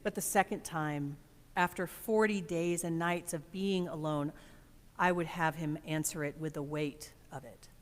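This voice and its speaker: A woman pastor delivering a reflective sermon in a church, expressive and measured, with dramatic pauses. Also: deep voice. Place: church sanctuary. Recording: long church reverb.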